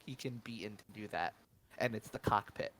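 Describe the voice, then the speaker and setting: Man running a tabletop game, halting. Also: on the low side, fairly bright tone, slight background noise. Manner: hesitant, many fillers and restarts. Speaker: game master.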